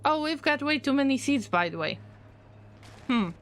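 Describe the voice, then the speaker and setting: A woman's voice: high-pitched, animated, moderate pace, fairly bright tone. A woman streaming a game, chatting casually with her viewers in a playful, teasing way and answering their messages with jokes. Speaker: gaming streamer. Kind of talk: casual live-stream chat while playing.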